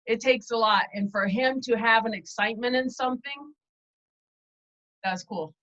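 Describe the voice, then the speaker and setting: A woman's voice: a little high, normal speed, fairly bright tone. A woman guest telling her story candidly in a casual interview, over a dull lo-fi video call. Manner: chatty, candid, self-deprecating.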